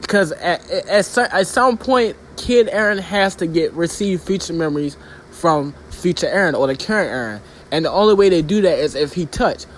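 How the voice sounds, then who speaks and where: A man's voice: fairly high pitch, lively intonation, moderate pace, slight background noise. A young man giving a casual, rambling and profane manga review, full of filler phrases.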